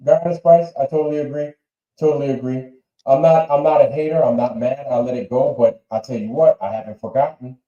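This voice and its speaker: A man's voice: mid-range voice, fairly quick, warm tone, roomy sound, dull audio. A man hosting a livestream, chatting casually and repeating himself as he reacts to clips. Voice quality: rambling and repetitive. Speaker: livestream host.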